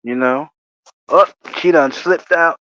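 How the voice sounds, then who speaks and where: A man's voice: on the high side, takes it slowly, bright, forceful tone, no echo. A man hosting a casual livestream, rambling through jokey stories with chuckles. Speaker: livestream host. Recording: dry, muffled lo-fi audio.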